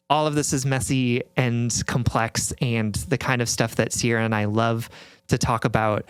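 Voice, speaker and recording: A man co-hosting a podcast in casual chat, gently validating, with many fillers and restarts. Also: medium pitch, smooth, dry recording. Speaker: podcast co-host.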